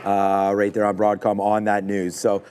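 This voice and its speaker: A man hosting a live trading stream, giving rambling, excitable market commentary full of fillers. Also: fairly low pitch, normal speed, clean tone.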